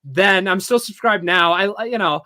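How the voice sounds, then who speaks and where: A male podcast host talks in a loose, rambling way, reading out chat messages and padding his story with filler words and chuckles. His voice is bright and slightly tense. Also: high-pitched, moderate pace.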